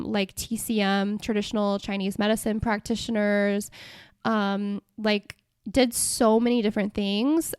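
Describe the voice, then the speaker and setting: A woman's voice: medium pitch, clear, resonant tone, no echo. Chatty young woman, dry close sound. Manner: enthusiastic and expressive, lots of "like" fillers. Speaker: podcast host. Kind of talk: casual solo podcast talk.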